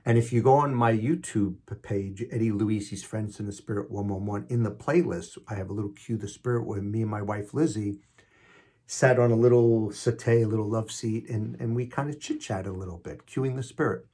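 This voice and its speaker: Husky older New York man, emphatic. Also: fairly low pitch, steady tone, normal speed, dark tone. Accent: New York (Queens). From Queens, New York. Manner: emphatic, punching key words in readings; chatty and self-deprecating in asides. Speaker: podcast host. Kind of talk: inspirational podcast talk with readings.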